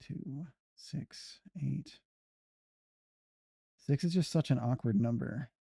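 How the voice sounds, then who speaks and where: A man's voice: mid-range voice, slow, vocal fry, warm tone, husky, dry recording, clean studio sound. A man streaming a video game, muttering plans and humming to himself as he plays. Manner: muttering, humming to himself while planning moves. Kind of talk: casual gameplay commentary.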